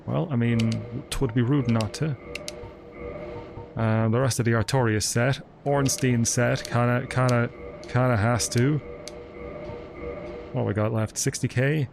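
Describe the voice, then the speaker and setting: A man's voice: mid-range voice, fairly even intonation, unhurried, gravelly, long pauses. A man giving live gameplay commentary in a sardonic, profane, chatty way. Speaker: streamer. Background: game music.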